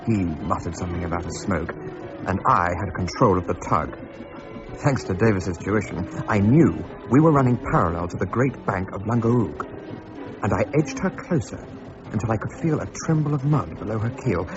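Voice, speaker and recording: An actor playing an English gentleman adventurer who narrates his tale, brisk and commanding, in a radio drama. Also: fairly low pitch, lo-fi sound, close to an everyday voice. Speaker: narrator and lead character.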